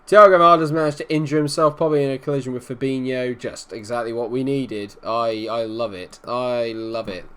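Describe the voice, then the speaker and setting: A young man commentating on his football management game, casual and frustrated, muttering low, then shouting when his team scores. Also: fairly even intonation, fairly quick, hardly any pauses, clear, resonant tone. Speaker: gaming commentator.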